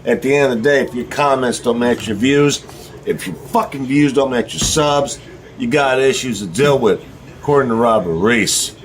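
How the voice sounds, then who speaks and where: A man's voice: mid-range voice, moderate pace. Swearing, heated man ranting. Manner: blunt, heated, swearing freely. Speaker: vlogger. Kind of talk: profane ranting monologue.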